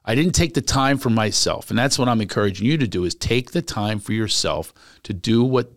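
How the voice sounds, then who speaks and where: Man, comedian, casual chat, animated storyteller, gravelly voice, dry sound. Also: fairly low pitch, brisk, no room sound. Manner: animated storyteller, acts out quotes. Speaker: stand-up comic.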